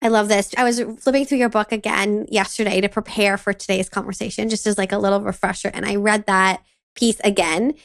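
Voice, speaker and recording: A woman in her thirties co-hosting a parenting podcast, telling a lively story about her morning and acting out her son's lines. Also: medium pitch, fairly quick, creaky, dry recording, studio quality. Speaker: podcast co-host. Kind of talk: casual conversational podcast chat.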